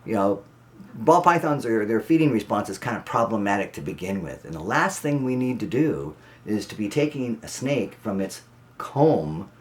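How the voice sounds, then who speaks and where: A man's voice: lowish voice, big pitch swings, normal speed. Blunt man giving breeder advice. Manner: blunt, emphatic, repeats instructions. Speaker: ball python breeder. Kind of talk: instructional talk to camera.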